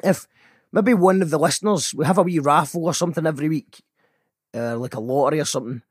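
A Scottish man hosting his own radio show, talking casually in a rambling, self-deprecating way, switching between a bright announcer voice and low muttered asides. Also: fast talker, husky, no room sound, studio quality. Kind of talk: casual solo podcast talk.

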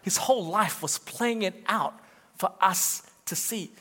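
Bright, high male preacher, animated and urgent, long hall echo. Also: unhurried, breathy edge. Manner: animated, urging the crowd, acts out quotes. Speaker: pastor. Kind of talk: sermon.

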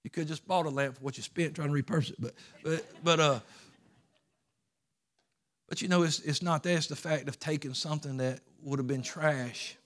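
Folksy preaching pastor, high-pitched man. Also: fairly even intonation, a little fast, a bit bright. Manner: folksy preaching, rising to fervent calls. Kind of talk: sermon.

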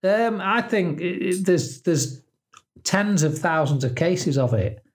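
A man's voice: sits high, expressive, takes it slowly. A middle-aged man, co-hosting a podcast in casual chat, joking and laughing often as he reads out what he finds. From England. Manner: jokey, laughs often, reads out search results. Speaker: podcast co-host.

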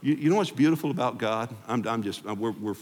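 A man pastor giving a freewheeling, conversational sermon to a congregation, then leading a quiet closing prayer. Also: mid-range voice, expressive, quick pace, slight background noise. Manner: freewheeling, conversational preaching that drops to a hushed prayer. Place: church sanctuary before a congregation. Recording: long hall reverb in a church sanctuary.

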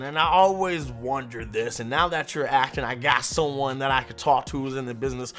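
A man hosting an interview, asking long rambling questions with many fillers and a playful, excitable manner. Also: medium pitch, brisk, few pauses, soft background music. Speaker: interview host. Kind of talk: casual interview chat.

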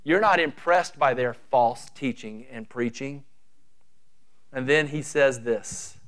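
A male pastor preaching an animated sermon, building to emphatic rising runs and dropping to quiet asides. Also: mid-range voice, slow.

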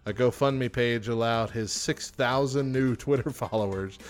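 A man's voice: medium pitch, measured pace. A man co-hosting a casual podcast, reading offbeat facts aloud and then riffing on them. He laughs easily and keeps the tone jokey. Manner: jokey, laughs often, reads trivia then riffs. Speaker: podcast co-host.

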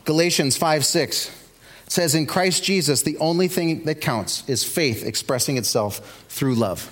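A man's voice: on the high side, a little slow. A man preaching a sermon as pastor, telling stories with rising energy. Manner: animated storytelling, builds to shouts.

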